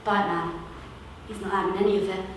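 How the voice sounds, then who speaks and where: A woman's voice: mid-range voice, steady tone, a little fast, a little hiss or hum, natural voice. A woman playing a chatty, cheerful London street seller in a theatre monologue, telling a story and mimicking the voices of others, with a London accent. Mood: lively. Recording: echoey hall from far off.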